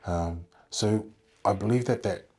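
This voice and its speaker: A man with a low, husky voice, talking as a guest on a podcast interview. He thinks aloud, circling back through fillers and restarts as he explains his work leading a contact centre. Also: measured pace, darkish tone. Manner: thoughtful, rambling with many fillers and restarts.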